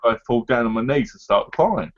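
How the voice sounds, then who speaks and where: A man's voice: medium pitch, animated, fast, dull audio, slight background noise. A man co-hosting a casual chat about games, rambling and tagging his sentences with "right?" and "you know". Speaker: co-host.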